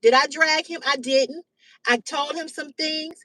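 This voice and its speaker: A woman in her fifties hosting a live stream, talking bluntly and loudly with heavy cursing. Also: high-pitched, steady tone, a little slow, no echo, far from the mic, low-quality recording. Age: 50s. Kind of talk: profane casual live-stream rant. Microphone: phone or webcam on a live stream.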